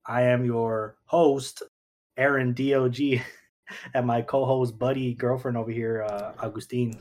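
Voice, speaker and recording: A man's voice: medium pitch, flat delivery, unhurried, darkish tone. A young man hosting a casual podcast, laughing easily and swearing often, who mentions that he stutters. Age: young adult. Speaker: podcast host.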